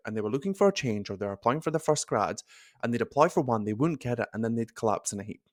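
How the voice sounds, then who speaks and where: A man's voice: medium pitch, no room sound, clean studio sound. Chatty Australian man hosting a podcast. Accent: Australian with a Scottish tinge. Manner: chatty, playful, laughs easily. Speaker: podcast host and nurse coach. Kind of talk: casual solo podcast talk.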